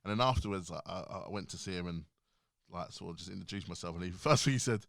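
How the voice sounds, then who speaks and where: A man's voice: sits low, fast, creaky, fairly bright tone, no echo. A man hosting a casual chat in a studio, talking animatedly, laughing often and restarting his sentences. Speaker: podcast host.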